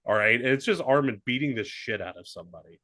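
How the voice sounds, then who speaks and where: A man's voice: fast, dry recording, clean studio sound. A man co-hosting a comedy sports podcast, telling goofy stories and laughing often. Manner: animated storytelling, jumps into goofy high put-on voices, laughs often. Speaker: podcast co-host. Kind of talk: casual comedic chat.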